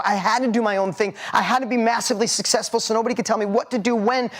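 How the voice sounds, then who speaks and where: A man in his forties giving a motivational seminar talk, punchy and emphatic, hammering points with repetition. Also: high voice. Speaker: motivational speaker.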